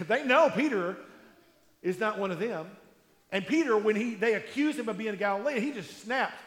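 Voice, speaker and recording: A man preaching a sermon in a conversational storytelling way, with emphatic pauses, in a large hall. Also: high-pitched, lively intonation, a bit bright. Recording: echoey hall with long reverb.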